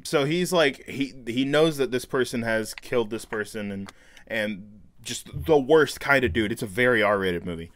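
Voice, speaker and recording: A man's voice: medium pitch, animated, moderate pace, fairly bright tone. A man hosting a podcast over a call, talking eagerly and earnestly about movies with many "you know"s. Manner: earnest, enthusiastic movie talk, frequent fillers. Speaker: podcast host. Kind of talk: casual chat.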